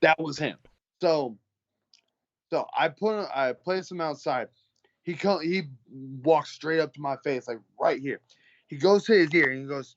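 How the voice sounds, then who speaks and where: His voice is mid-range and his speed normal, though the recording loses its highs. A heavyweight boxer recounts casual tales in an interview, profane and animated, imitating the people in them.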